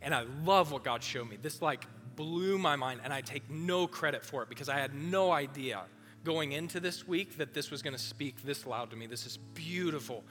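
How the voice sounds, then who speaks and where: Bright-voiced man preaching a sermon. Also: fairly high pitch, moderate pace. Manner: animated, casual, direct address. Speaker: youth pastor. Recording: long hall reverb, faint music.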